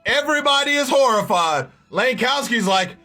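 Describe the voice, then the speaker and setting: Man, casual comic recap, slangy and profane, high bright voice, faint music behind. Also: normal speed. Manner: profane, slangy, animated storytelling.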